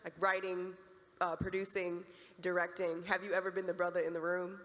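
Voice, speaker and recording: Woman panel moderator, playful, mid pitch, long hall reverb. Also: level tone, brisk, fairly bright tone. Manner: joking, addresses the audience. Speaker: interviewer. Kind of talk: convention panel interview. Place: large convention hall.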